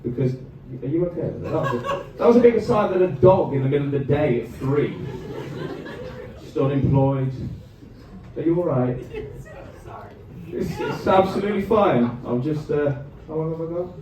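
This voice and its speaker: A man performing stand-up into a handheld mic, his fairly high voice bouncing all over the place as he teases the crowd. The sound is heavily echoey and taken from a distance in the club, with a clear layer of noise behind him. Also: expressive. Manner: chatty crowd work, quick asides to the audience. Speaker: stand-up comedian. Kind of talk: stand-up comedy set. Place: comedy club stage before a live audience. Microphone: handheld stage microphone.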